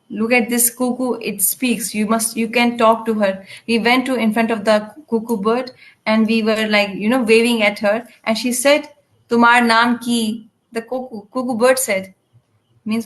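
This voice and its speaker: Woman with a slightly high voice, live interpreter for a spiritual class, halting delivery with restarts. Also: low-quality recording. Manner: halting, with frequent restarts and fillers. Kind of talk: live translation of a devotional lecture.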